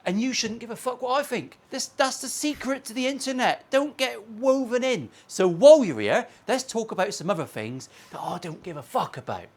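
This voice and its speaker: A man's voice: very high voice, expressive, moderate pace, hardly any pauses. A man, a guitar maker and channel host, ranting bluntly and profanely in a casual opinion vlog from his workshop.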